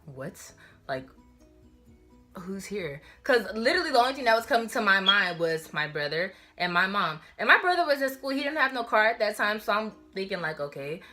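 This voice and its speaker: Animated young woman telling a storytime vlog. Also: mid-range voice, fast, few pauses, soft background music. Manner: animated, slangy, addresses viewers as y'all. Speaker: vlogger.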